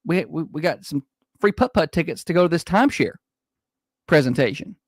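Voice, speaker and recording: A man's voice: fairly high pitch, fairly quick, dry recording. A man co-hosting a morning radio show, teasing his co-host and telling stories. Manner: teasing, dry humor, animated when telling stories. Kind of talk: casual morning radio chat. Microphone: studio microphone.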